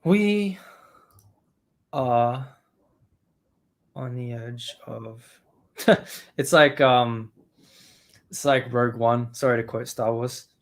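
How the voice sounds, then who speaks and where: A man hosting a live stream, ranting angrily with lots of swearing, swinging from loud outbursts to low muttering. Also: very slow, long pauses. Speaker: show host. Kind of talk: profane live-stream rant.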